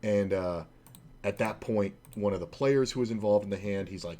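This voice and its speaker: A man's voice: fairly low pitch, normal speed, darkish tone, a little hiss or hum. A man who streams online poker, telling a long, casual, profane story with many "uh"s and restarts. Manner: rambling, profane, heavy on filler words. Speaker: poker streamer and former casino dealer trainer.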